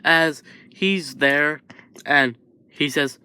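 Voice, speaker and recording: A man narrating an improvised fan story, halting and restarting often as he goes. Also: a little high, steady tone, sharp tone, clean tone.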